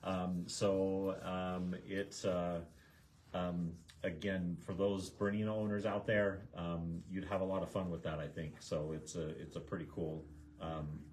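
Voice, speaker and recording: A man with a lowish voice co-hosts a live sewing class in an easy, chatty way. He drops corny jokes and laughs readily, with a faint hum of room ambience behind him. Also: little pitch movement, measured pace, darkish tone. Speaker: sewing shop co-host. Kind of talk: casual live-stream chat.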